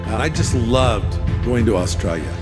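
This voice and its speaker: A man's voice: medium pitch, expressive, normal speed. A man preaching a sermon as a pastor, folksy and anecdotal. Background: music.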